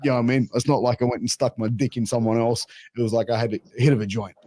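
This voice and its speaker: A man's voice: medium pitch, very fast. Swearing young Australian man. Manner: swears a lot, filler-heavy, animated retelling. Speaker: podcast host. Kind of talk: casual storytelling.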